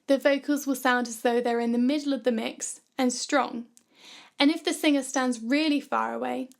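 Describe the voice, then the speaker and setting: A woman with a high-pitched voice narrates a scripted music production tutorial. Her delivery is calm, clear and instructive.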